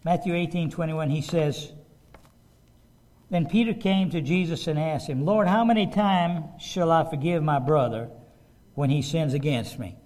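A man's voice: on the high side, a little slow, a little mellow. A man preaching a sermon, reading scripture aloud and stopping to ask his listeners emphatic rhetorical questions. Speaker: pastor.

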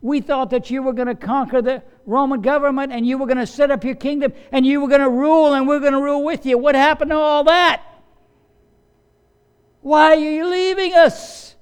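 A man's voice: fairly even intonation, moderate pace. A man voicing an anxious, pleading disciple. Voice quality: high, strained and pleading. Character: anxious male disciple pleading with his leader.

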